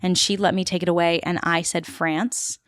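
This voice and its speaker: A woman tells a lively story as a podcast guest. Her voice sits a little low, and her talk runs chatty and full of fillers. The recording is close and dry. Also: fast talker, no echo. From Queens, New York City. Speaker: podcast guest, actor and tour guide. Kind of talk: casual storytelling interview.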